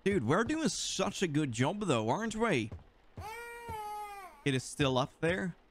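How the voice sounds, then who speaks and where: A young Swedish man, speaking English with his native accent, commenting on a horror game. His voice is fairly high and very animated, jumping around in pitch. A faint noise sits under the recording. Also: takes it slowly. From Sweden. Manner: animated, joking, talks to the game. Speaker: gaming YouTuber. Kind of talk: let's play commentary.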